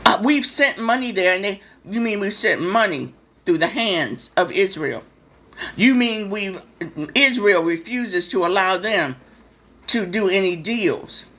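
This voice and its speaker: A woman rants on her own live stream in a blunt, sarcastic and profane way. Her tone is bright and forceful. She talks at a slow, deliberate pace and leans hard on her points. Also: mid-range voice. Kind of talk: impassioned live-stream rant.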